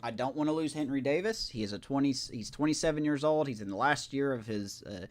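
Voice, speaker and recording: A man's voice: medium pitch, brisk. A man streaming a video game live, talking casually in a rambling, self-correcting way and chatting with his viewers.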